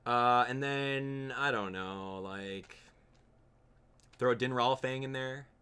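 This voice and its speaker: A man's voice: mid-range voice, takes it slowly, pushed and bright, clear, resonant tone. A young man chatting casually while streaming a game live, joking with viewers and laughing often. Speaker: gaming streamer. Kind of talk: live gameplay stream chat.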